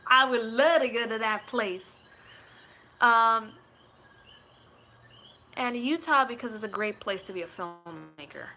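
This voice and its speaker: Young woman streamer, sharp bright voice, playful and rambling. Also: fairly high pitch, unhurried, long pauses, a little hiss or hum. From Puerto Rico. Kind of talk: casual live chat answering comments.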